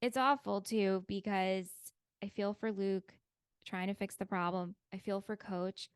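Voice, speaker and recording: A woman's voice: medium pitch, a little slow, smooth, no room sound. Dry-sounding woman co-hosting a recap podcast. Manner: animated retelling, acts out characters' lines. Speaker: podcast co-host. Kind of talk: casual recap chat.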